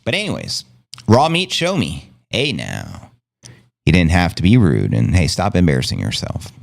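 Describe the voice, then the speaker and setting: A man's voice: sits low, huge pitch swings, normal speed, creaky. A man hosting a casual livestream, talking in a brash, playful way with plenty of swearing and his own made-up slang. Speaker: livestream host. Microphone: streaming setup.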